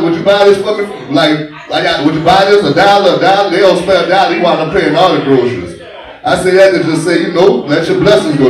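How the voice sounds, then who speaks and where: A young New Orleans stand-up comic, crude and swaggering, performs on a bar stage with a high voice and a distinctive accent. He's recorded live from a distance, so the sound booms back off the room and is very echoey.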